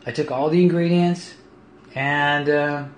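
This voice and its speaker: A man's voice: a little high, a little slow. Chatty man livestreaming from an echoey kitchen. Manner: chatty, lively, laughs often. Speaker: home baker livestreaming. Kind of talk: casual livestream chat. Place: home kitchen. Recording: echoey room, faint hiss.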